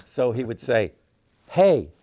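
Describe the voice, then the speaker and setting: A man's voice: fairly low pitch, lively intonation, moderate pace, a little mellow, dry recording. A man, a musician guest in an interview, telling stories in a rambling way with many "you know" fillers. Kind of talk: casual interview storytelling.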